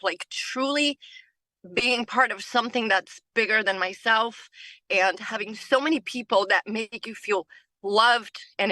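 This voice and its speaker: A woman's voice: medium pitch, bright, forceful tone, dry recording, rough recording. A woman leading a team training call, talking earnestly and repeating phrases for emphasis, tired from lack of sleep. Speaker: team leader. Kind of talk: motivational team training talk.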